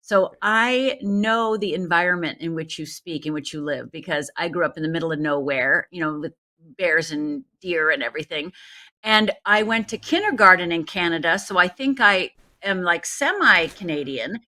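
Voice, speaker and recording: Bright-voiced woman telling her story. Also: lowish voice, moderate pace. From Upper Michigan. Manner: earnest, personal storytelling that addresses the host directly. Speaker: life coach guest. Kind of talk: storytelling in a podcast interview. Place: Los Angeles.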